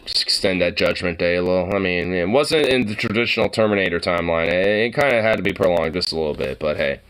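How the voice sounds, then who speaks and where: A man's voice: low voice, quick pace, a bit bright, clean tone. A man streamer doing casual, rambling reaction commentary, swearing and laughing often.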